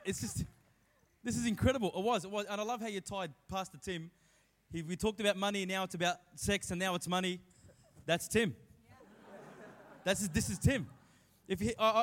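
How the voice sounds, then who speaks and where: A guest preacher with a high, slightly bright voice gives a sermon full of banter, playful jokes, and exuberant asides. He speaks in a church hall, and the recording carries that space's long reverb.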